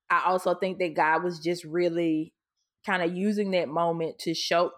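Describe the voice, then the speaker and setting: A woman with a somewhat low voice co-hosts a casual podcast chat. She talks openly and with feeling, often stopping and restarting her sentences. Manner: candid, emotional, with many restarts. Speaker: podcast co-host.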